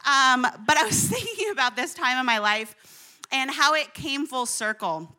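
Bright high-voiced woman preaching. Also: moderate pace. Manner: animated, humorous storytelling with asides to the audience. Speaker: pastor. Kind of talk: sermon with personal stories.

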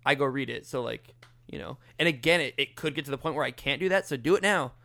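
A man co-hosting a podcast, telling stories in an animated way and swearing freely in casual chat. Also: mid-range voice, quick pace, creaky, no echo, studio quality. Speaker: podcast co-host.

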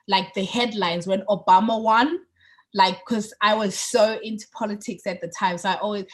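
A woman co-hosting a podcast in casual chat, chatty and getting excited on politics, with lots of fillers and restarts. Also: medium pitch. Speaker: podcast co-host.

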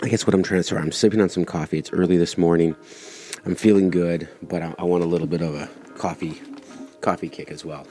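A man's voice: deep voice, fairly even intonation, fairly quick, dark tone, faint music behind. A man hosting his own podcast, talking casually and rambling with frequent ums and self-corrections. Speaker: podcast host. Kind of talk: casual solo podcast monologue.

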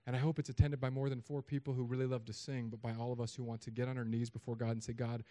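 Animated, joking male preacher. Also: mid-range voice, rapid-fire. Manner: animated, swings from loud emphatic peaks to quiet asides; conversational and joking. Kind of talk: sermon.

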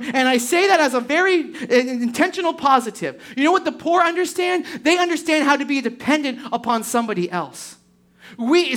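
A woman's voice: high-pitched, a bit bright. A woman preaching a sermon to a congregation, emphatic and full of rhetorical questions. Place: church service before a congregation.

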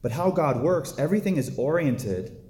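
A man's voice: on the high side, lively intonation, moderate pace, darkish tone. Man preaching casually in an echoey room. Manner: conversational, storytelling with filler words. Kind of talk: casual sermon.

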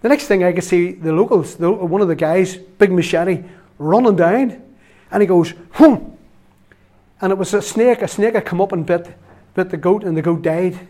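Northern Irish male lay preacher, middle-aged, slightly higher voice, chatty storyteller who laughs and repeats himself. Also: normal speed, warm tone, slight background noise. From Northern Ireland. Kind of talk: storytelling sermon.

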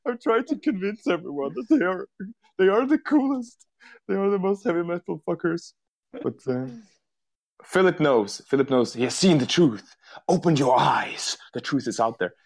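A man co-hosting a podcast in casual chat, excitable, laughing often and tripping over his words. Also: sits high, normal speed, gravelly. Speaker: podcast co-host.

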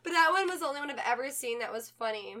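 A woman co-hosting a podcast, telling a story in animated casual chat and acting out the people in it. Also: sits high, very fast, a crowd in the background. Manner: animated storytelling, acts out voices, laughs. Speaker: podcast co-host.

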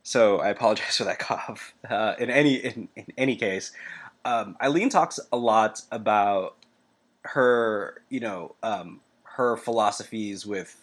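A man's voice: on the low side, a little slow. A young man hosting a podcast, congested from a cold and talking casually with lots of fillers and restarts. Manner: rambling, many fillers and restarts. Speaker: podcast host.

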